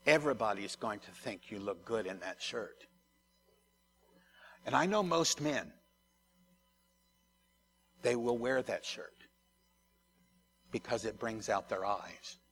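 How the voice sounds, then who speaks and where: A man's voice: on the low side, expressive, unhurried, a bit bright, breathy edge. A man, a pastor, preaching a conversational sermon to his congregation, often repeating words and turning to the listeners.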